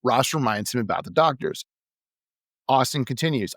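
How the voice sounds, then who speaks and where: A man's voice: mid-range voice, animated, normal speed, long pauses, fairly bright tone, dry recording, studio quality. A man co-hosting a podcast, recapping an old wrestling show in a casual, amused way and laughing between points. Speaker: podcast co-host.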